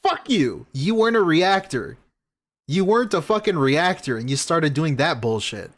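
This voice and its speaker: Male reaction streamer, angry profane rants, very lively pitch. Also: moderate pace. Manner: angry, swearing, mocking rants.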